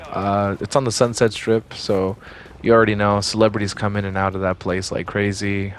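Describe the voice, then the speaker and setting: A man's voice: fairly low pitch, flat delivery, moderate pace. A man and former security guard, casually telling a story in a rambling, profane way with lots of fillers.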